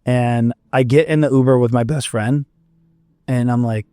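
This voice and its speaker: Clean studio sound with no room sound carries a young man's smooth, mid-range voice at normal speed. He's a musician guest from Fort Myers, Florida, chatting casually and telling a story, animated, acting out quotes, and swearing occasionally.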